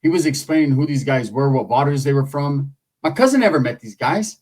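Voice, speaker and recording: Profane, animated man telling a story. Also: mid-range voice, brisk. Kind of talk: casual storytelling.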